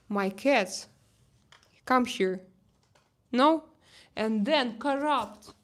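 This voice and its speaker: A young woman with a Russian accent chatting casually on a phone live stream, halting with fillers and restarts, reading chat messages. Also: fairly high pitch. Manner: halting, many fillers and restarts, laughs easily. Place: home terrace.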